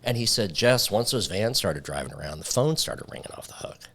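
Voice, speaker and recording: A man with a very low voice tells his story as a company founder in a relaxed interview. He brings the story to life by acting out what each person said. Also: fairly quick, husky. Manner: lively storyteller who acts out quoted dialogue.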